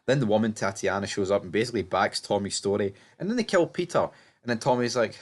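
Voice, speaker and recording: A man's voice: fairly low pitch, a little fast. Rambling man recapping a show. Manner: rambling, blunt, swears freely, lots of fillers and restarts. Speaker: TV show reviewer. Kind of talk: casual recap commentary.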